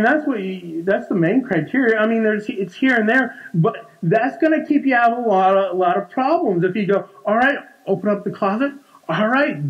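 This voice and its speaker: A man's voice: high-pitched, highs cut off. A man in his forties preaching a conversational sermon in a church, often repeating words and restarting sentences. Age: 40s. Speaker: pastor.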